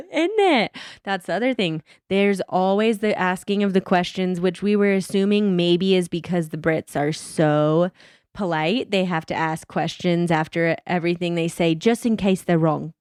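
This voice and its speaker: A woman co-hosting a casual podcast chat, giggly and animated, swearing casually. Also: fairly low pitch, normal speed, smooth, no room sound, studio quality. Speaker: podcast co-host.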